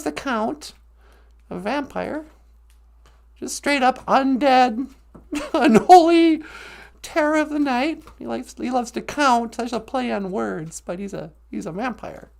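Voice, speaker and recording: A man doing a high, gravelly-voiced woman who drawls slowly through a livestream full of crude, giggly jokes. She rambles from one silly thought to the next, in a comedy sketch. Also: a little mellow, heavily acted.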